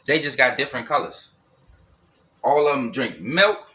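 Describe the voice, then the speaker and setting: A man's voice: mid-range voice, lively intonation, normal speed, sharp tone. A man giving a blunt, profane solo monologue, repeating and circling back over his points.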